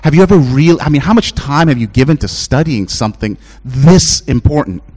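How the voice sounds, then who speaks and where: Animated and a little fast, this middle-aged chaplain preaches a sermon that swings from passionate high-pitched pleading to quiet, low storytelling.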